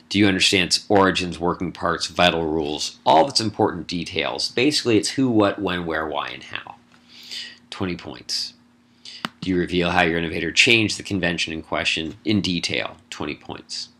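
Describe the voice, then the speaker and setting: Deep-voiced, pushed and bright, a middle-aged man teaching college English explains an essay assignment in a recorded lecture. His manner is casual, with quick lists of points and wry asides.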